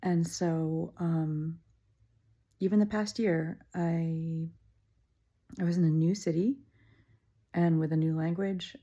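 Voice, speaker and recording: A middle-aged woman with a low, mellow voice muses aloud at home. She talks in a fairly level tone, wry and self-deprecating, often pausing on "um". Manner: musing, wry and self-deprecating, many ums. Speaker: vlogger. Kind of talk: casual reflective monologue. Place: indoors at her childhood home.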